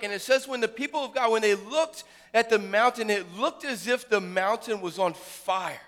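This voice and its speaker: Man, pastor, sermon, high voice, dramatic swells and hushes, reverberant church hall. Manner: dramatic preaching, building loud then dropping to a hush.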